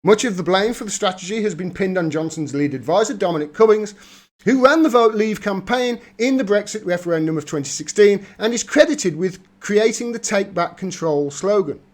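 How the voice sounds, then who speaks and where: Male streamer, high-pitched for a man, reads political news then riffs on it with mocking asides; host energy. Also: animated, a little fast. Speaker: political commentary livestreamer. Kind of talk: reading news aloud with sarcastic commentary.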